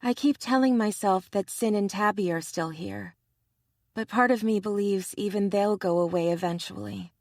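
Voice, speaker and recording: A woman voicing a wary, guarded young woman in an audiobook romance, speaking softly and hesitantly. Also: medium pitch, moderate pace, vocal fry, no echo, studio quality, lightly acted.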